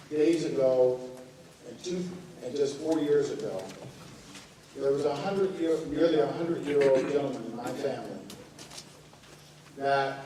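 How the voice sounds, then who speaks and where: A man's voice: mid-range voice, warm tone, slight background noise. Man speaking in an echoey lecture hall. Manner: storytelling, conversational, some restarts. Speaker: company CEO, speaker. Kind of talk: speech to students. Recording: echoey hall, distant mic, audience. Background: audience.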